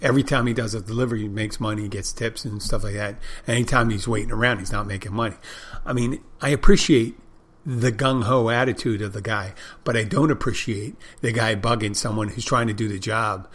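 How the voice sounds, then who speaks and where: A man's voice: on the low side, steady tone, a little fast, fairly bright tone. Guy rambling on his podcast, blunt, swears a lot, keeps restarting sentences. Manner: restarts and repeats himself. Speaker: podcast host. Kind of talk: casual rambling monologue.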